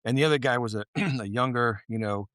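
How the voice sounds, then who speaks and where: A male podcast co-host tells stories in casual chat, swearing freely and acting out quotes with animation. His voice is mid-range and brisk, with no echo.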